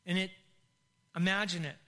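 A high-pitched, fairly bright voice with a steady tone and moderate pace comes from a middle-aged pastor. In his sermon he tells his personal testimony emotionally, close to tears at times and laughing at others.

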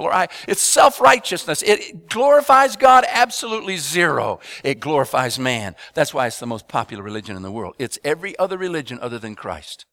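A man preaching a sermon to a congregation, asking them to respond and building up rhythmic repeated phrases into loud emphatic bursts. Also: fairly high pitch, animated, brisk, few pauses, no echo. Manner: addresses congregation with call-and-response questions.

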